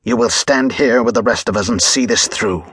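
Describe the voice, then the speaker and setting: A man's voice: medium pitch, big pitch swings, moderate pace, creaky, a bit bright, breathy edge, no room sound, clean studio sound, full character voice. A man playing a stern chairman who leads a lynch mob, speaking harshly and commandingly. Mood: harsh command.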